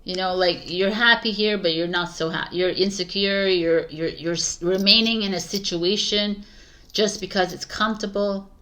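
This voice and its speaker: A woman's voice: mid-range voice, fairly even intonation, normal speed, a bit bright. A woman doing a tarot reading for viewers, speaking casually with many restarts and bursts of emphatic advice. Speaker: tarot reader.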